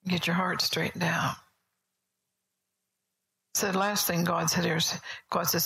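A woman preaching a sermon at a church service, telling stories in a conversational way, often soft and whispery. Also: on the low side, little pitch movement, unhurried, vocal fry, pauses often, poor audio.

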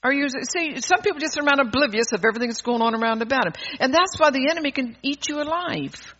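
A woman preaches in a bright, tense voice, emphatic and scolding as she presses the congregation. The sermon is caught on a dull, lo-fi recording. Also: high-pitched, fast talker.

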